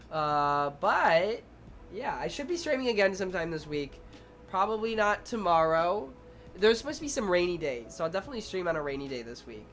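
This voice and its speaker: Soft music plays behind a high-sitting male voice at a moderate pace. A young man who teaches preschool and streams chats casually with his viewers, animatedly acting out himself and the kids and swearing freely.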